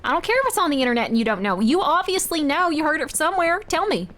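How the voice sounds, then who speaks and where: A woman's voice: sits high, animated, fast talker, a bit bright, voice pushed up. A woman putting on a fussy, scandalized mother scolding her kids in a prim, lecturing way.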